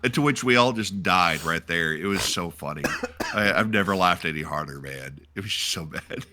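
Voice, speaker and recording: A man with a low voice that swings widely as he talks. His tone is bright and forceful. He tells stories casually on a podcast and jumps into other people's voices. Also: normal speed. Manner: animated, acts out voices with laughter and swearing. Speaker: podcast co-host. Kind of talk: casual storytelling chat.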